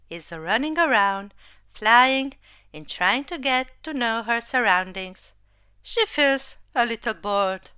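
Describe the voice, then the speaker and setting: A woman narrating a story about robots in a slow, gentle storytelling manner, close to the mic. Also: fairly high pitch, clear, resonant tone, no echo.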